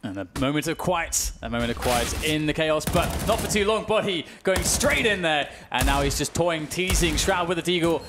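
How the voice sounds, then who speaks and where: A man with a British accent giving fast play-by-play esports commentary and rising to excited shouts at big plays. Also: fairly high pitch, over music. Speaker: esports caster.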